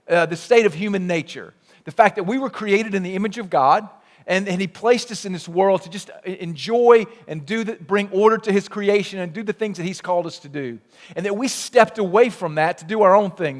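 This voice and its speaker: A man preaching a sermon in a church, with rhetorical questions and lots of repetition. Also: high voice. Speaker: pastor. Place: church sanctuary. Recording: long hall reverb.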